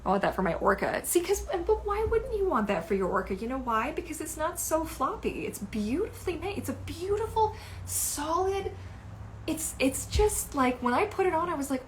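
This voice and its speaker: A woman in her thirties talks casually to her viewers in a vlog, with a fairly high voice. She is animated and gushing, and swears offhandedly as she goes. Faint noise sits under the recording. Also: moderate pace, reverberant. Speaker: mermaid vlogger reviewing gear. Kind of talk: casual livestream chat.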